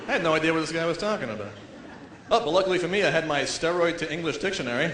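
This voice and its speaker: A male comedian performs a stand-up set, his voice high, lively and bright. He jumps into silly character voices along the way. The sound is echoey, with faint noise behind it. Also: racing. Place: comedy stage before a live audience.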